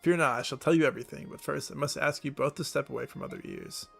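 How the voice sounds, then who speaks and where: A man's voice: a little high, fast, gravelly, a bit bright, breathy edge, soft background music, exaggerated voice. A man reading the lines of a flowery, long-winded male noble advisor from a video game. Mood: pompous.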